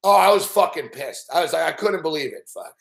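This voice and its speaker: A man with a high voice rants about a lost bet, swearing nonstop and acting out every moment. The echo of a bare room rings around his words. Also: brisk, vocal fry. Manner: swears constantly, animated, acts out scenes. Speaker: sports betting show host. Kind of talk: profane ranting live-stream chat.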